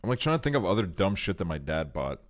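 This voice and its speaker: A man's voice: low-pitched, very animated, fast. A young man streaming, telling long stories in rambling casual chat full of fillers and swearing. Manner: rambling, profane storytelling with frequent fillers.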